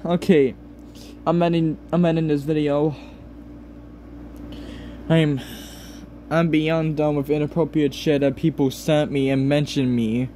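Slow-talking upset man near tears. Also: on the high side, level tone, dark tone, slight background noise. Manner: pleading, swearing, halting restarts. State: close to tears. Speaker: channel owner. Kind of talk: upset vlog rant.

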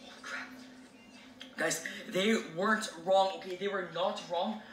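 A male video creator with a high, slightly bright voice speaks at normal speed in a steady tone, jumpily addressing his viewers as "guys" in a scripted haunted-doll vlog. The recording sounds roomy and distant, with music underneath and slight background noise.

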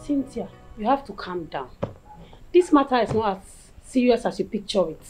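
A Nigerian actress playing a loyal friend who pleads and soothes, mixing in Pidgin. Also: female voice, a little high, lively intonation, moderate pace, a little mellow, soft background music, natural voice, low-quality recording. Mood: pleading. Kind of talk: film acting.

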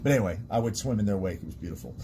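Guest storyteller: male stage tech, laughing, lively pitch, slight background noise. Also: racing. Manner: laughing storyteller, animated, trailing restarts. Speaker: guest, stage sound and lighting technician. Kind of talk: casual chat.

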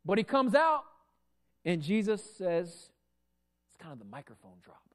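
Male pastor preaching, very high and animated voice, loud and projecting, big swings between shouts and hushed asides. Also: unhurried. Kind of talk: sermon. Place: church sanctuary. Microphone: microphone.

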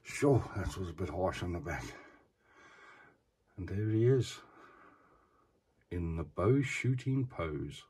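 Deep, mellow and slightly rough, this man's voice is expressive as he speaks slowly with frequent pauses. He's an action figure collector presenting a figure in a relaxed show-and-tell vlog, often turning to the viewer with "eh?"

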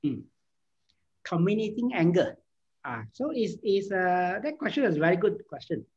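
A man's voice: high voice, very animated, moderate pace, darkish tone, husky. A man giving an informal lecture and answering questions, hesitating often with fillers and restarts. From Malaysia. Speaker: speaker answering audience questions. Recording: dull, lo-fi sound.

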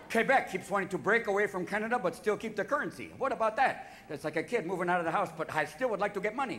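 A man's voice: high-pitched, expressive, fairly bright tone, a little hiss or hum. A man doing manic, profane stand-up comedy on a theater stage. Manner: manic, profane, rapid shifts of voice. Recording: live theater, audience laughter.

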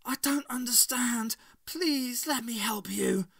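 A man's voice: very high voice, slow, gravelly, fairly bright tone, breathy edge, voice pushed up, exaggerated voice. A man reading aloud voices a timid, devoted male servant in a meek, snivelling tone.

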